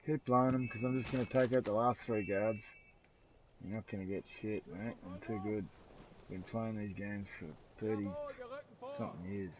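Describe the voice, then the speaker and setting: A man's voice: fairly low pitch, moderate pace, a little hiss or hum. A middle-aged Australian man streaming a game live, chatting in crude, boastful banter with lots of swearing. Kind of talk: casual live-stream gaming chat. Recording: dull lo-fi dry sound.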